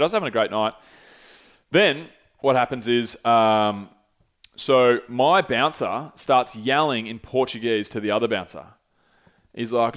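A young man casually telling a long travel story, animated and swearing freely. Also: mid-range voice, moderate pace. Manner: animated, swears freely, acts out quoted voices. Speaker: podcast host.

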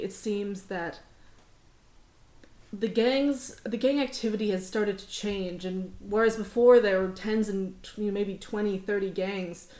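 A woman's voice: medium pitch, a little mellow, roomy sound. A woman narrating as game master of a tabletop game, casual and rambling with many fillers. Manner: casual, rambling, laughs often. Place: construction zone.

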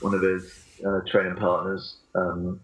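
A man's voice: low voice, monotone, unhurried, a bit bright. A man in his thirties, a fitness athlete guest on a casual podcast, talking hesitantly with lots of ums and little chuckles. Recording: dull lo-fi recording.

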